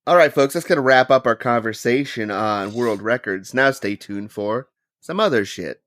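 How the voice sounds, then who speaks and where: A man hosting a casual podcast with a dry, teasing delivery. He tells stories in a relaxed way and ribs his co-hosts. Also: medium pitch, normal speed. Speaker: podcast host. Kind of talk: casual chat.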